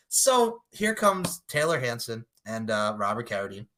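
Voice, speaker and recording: A man's voice: medium pitch, big pitch swings, unhurried, sharp tone. A man co-hosting a podcast, casually recapping a movie with lots of laughter and offhand swearing. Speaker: podcast co-host.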